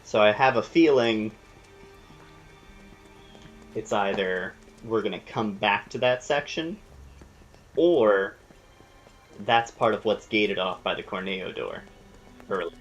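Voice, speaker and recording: A man's voice: on the low side, expressive, takes it slowly, pauses often, lo-fi sound, faint music behind. A man hosting a gameplay video, chatting casually and explaining the game's mechanics as he thinks aloud. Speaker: let's play host.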